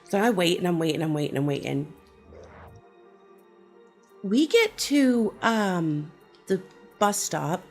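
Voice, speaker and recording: A woman's voice: fairly low pitch, animated, takes it slowly, long pauses, soft background music. A middle-aged woman ranting casually on her horror vlog, sarcastic and profane as she tells stories. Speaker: horror vlogger. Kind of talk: casual rant.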